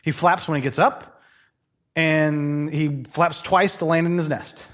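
A man preaching in a loose, conversational manner, slightly high-pitched. He tells stories with animated energy and playful asides. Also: unhurried. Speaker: pastor. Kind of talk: sermon.

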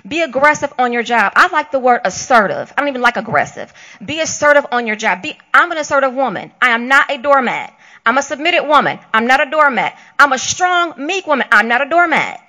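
A woman's voice: high voice, big pitch swings, fairly quick, bright, forceful tone. A woman co-hosting a Christian talk show, preaching emphatically and acting out the voices she quotes.

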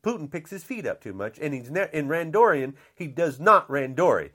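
Angry older man ranting, high-pitched. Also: sing-song, normal speed, fairly bright tone. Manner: indignant, repetitive, blunt. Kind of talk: angry political rant.

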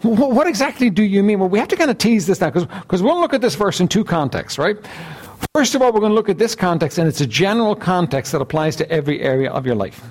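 A pastor preaches in a fairly high-pitched voice, reading scripture and then explaining it. His delivery is earnest, and he clears his throat now and then. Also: expressive, quick pace.

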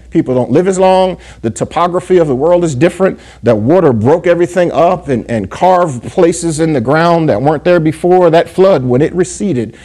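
A pastor preaches a sermon with a voice on the high side and a dark tone, reading scripture aloud in King James wording. He keeps checking in with the congregation through call-and-response asides like "yes?" and "amen?", slowing down to stress key words.

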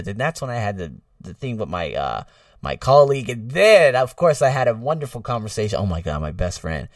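A man talking straight to his viewers in a casual vlog monologue. His pitch jumps around a lot as he jokes and swears, with loud bursts and then quiet asides. The mic sits a little away from him in a dry, dead room. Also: brisk, no echo, distant mic. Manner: animated and jokey, swings between loud bursts and low asides, swears casually. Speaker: vlogger.

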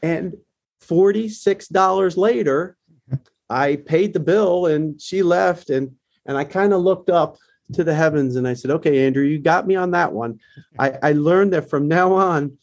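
Husky middle-aged man, earnest and emotional. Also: a little high, unhurried. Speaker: guest, bereaved father running a foundation. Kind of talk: podcast interview.

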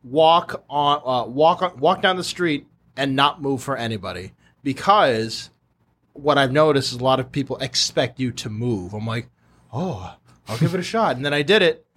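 A man's voice: medium pitch, normal speed. A man hosting a podcast, telling stories in a casual chat and acting out the voices of people in them. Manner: animated storyteller who acts out voices. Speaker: podcast host.

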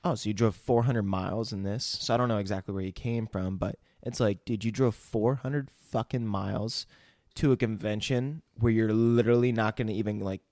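A man's voice: on the low side, fairly even intonation, moderate pace, a little mellow, no room sound, clean studio sound. A man chatting casually about a movie, making incredulous, profane asides. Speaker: podcast co-host. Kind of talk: casual movie recap chat.

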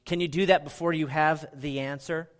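A middle-aged man preaching a sermon as pastor, earnest, often dropping to a soft, hushed delivery for emphasis. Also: on the high side, fairly even intonation, moderate pace.

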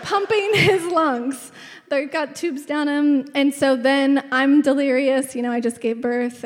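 A woman in her thirties preaching a sermon, chatty and storytelling, often laughing as she talks. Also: high voice. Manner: chatty storytelling, laughs often, drops to a whisper in tender moments. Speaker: pastor. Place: large church hall. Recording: long hall reverb.

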